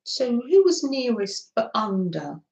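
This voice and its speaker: A middle-aged woman, chatty and warm, greets her audience and reads their comments aloud during a craft live stream at her indoor desk. She speaks slowly in a slightly high, sing-song voice with some vocal fry, and the room sounds echoey.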